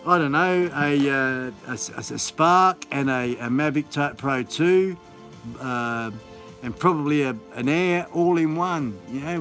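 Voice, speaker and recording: A man's voice: fairly high pitch, fairly bright tone. Rambling man, faint music. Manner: rambling, filler-heavy, enthusiastic. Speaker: live-stream host. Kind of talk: casual live-stream chat.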